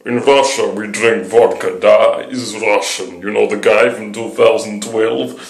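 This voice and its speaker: A blunt Russian man who talks about vodka, as an Englishman puts him on. His speech is slow, flat and deliberate, with a thick, exaggerated accent. The sound is roomy and echoey. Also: on the low side. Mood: boastful. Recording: echoey room.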